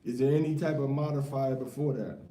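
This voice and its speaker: A man's voice: mid-range voice, fairly even intonation, fairly quick, dark tone. A man teaching a casual scripture class. He fires rhetorical questions at his students in a loose, slangy way. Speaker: Bible teacher. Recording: echoey room, mic far off.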